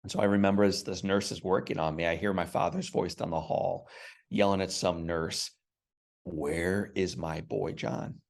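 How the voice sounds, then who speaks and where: Earnest gravelly-voiced man. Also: low-pitched, little pitch movement, fairly quick. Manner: earnest, emphatic storyteller. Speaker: guest. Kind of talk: storytelling in a podcast interview.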